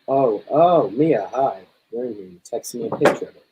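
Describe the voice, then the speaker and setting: A teenage guy hosting a homemade live stream in a relaxed, easygoing way. His voice is mid-pitched, with faint noise behind it. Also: normal speed. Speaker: podcast co-host. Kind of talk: casual live-stream chat.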